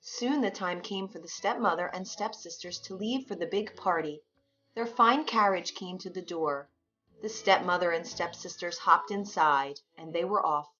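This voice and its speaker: A woman narrating a fairy tale in a clear, expressive storybook manner. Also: on the low side, normal speed. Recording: dull lo-fi sound with faint music.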